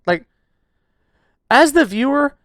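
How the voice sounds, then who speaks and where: A young man co-hosting a podcast, ranting loudly and swearing in a jokingly abrasive way, laughing as he goes. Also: very high voice, expressive, takes it slowly, no room sound, studio quality. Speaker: podcast co-host. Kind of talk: casual ranting review chat.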